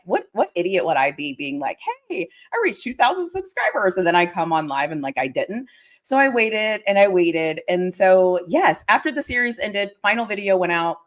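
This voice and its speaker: A young woman chatting casually on her livestream. Her voice swings widely in pitch, jumping up into excited squeals as she greets viewers. The talk is loose and rambling, full of fillers. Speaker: livestream host.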